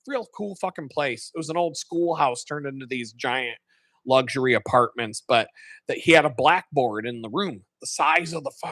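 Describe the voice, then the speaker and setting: A man with a fairly high, bright voice, recorded close and dry. He hosts a live stream and tells stories in a loose, profane, animated way, often laughing. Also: dry recording. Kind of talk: casual storytelling.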